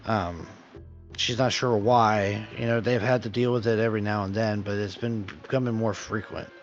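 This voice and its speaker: A man's voice: fairly low pitch, steady tone, normal speed, soft background music. A man narrating as game master for a tabletop game, rambling, with many fillers and restarts. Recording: dull lo-fi audio.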